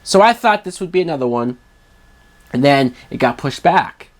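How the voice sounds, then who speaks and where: A man tears into a film in a heated rant. His pitch swings up and down with real animation as he hammers home each complaint. He is scornful and emphatic and swears freely. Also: expressive, moderate pace. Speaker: film reviewer. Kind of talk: ranting film review.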